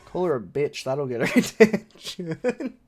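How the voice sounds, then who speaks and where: Young Australian man, streamer, raised voice, excitable, swears a lot. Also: fairly high pitch, a little slow, soft background music. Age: 20s. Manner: excitable, swearing, laughing loudly. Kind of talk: casual gameplay commentary.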